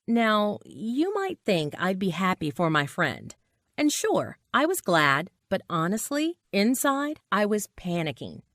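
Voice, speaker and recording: Animated female storyteller, dry close sound. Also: mid-range voice, unhurried, dry recording. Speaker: narrator. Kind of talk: scripted storytelling narration.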